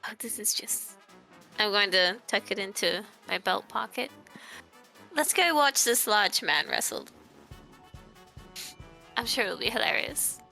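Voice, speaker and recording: A woman's voice: mid-range voice, expressive, unhurried, gravelly, long pauses, sharp tone, faint music behind, low-quality recording. A woman playing a tabletop game, casual and teasing in character. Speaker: player.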